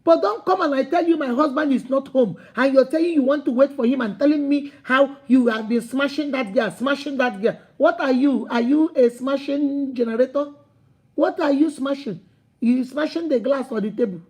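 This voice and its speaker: A woman's voice: high-pitched, moderate pace, a little mellow. A woman with a Nigerian accent hosting a live advice stream, outspoken, scolding and humorous. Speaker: host.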